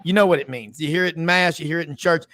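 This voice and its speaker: A man with a high voice hosts a casual sports talk show. He rambles through stories and slips into the voices of the people in them. The sound is dry and close. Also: fast, fairly bright tone, dry recording. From Memphis, US South. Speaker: host.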